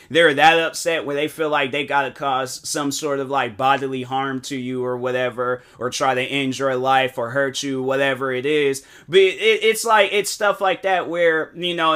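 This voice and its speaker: A young man, a content creator, talking casually in a rambling, animated way with many fillers and restarts. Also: a little high. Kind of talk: casual monologue.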